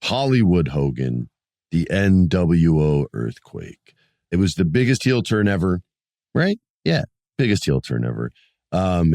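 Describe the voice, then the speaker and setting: Deep voiced guy late 40s doing a rambly sweary solo podcast, dry close mic. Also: a little mellow, no echo. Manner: rambling, joking, swears freely. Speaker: podcast host. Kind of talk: casual solo podcast chat.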